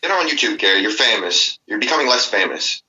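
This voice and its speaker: A man's voice: on the low side, lively intonation, brisk, bright, forceful tone. A man joining a game stream over voice chat, trading playful teasing banter. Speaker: friend on voice chat. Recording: muffled voice-chat audio.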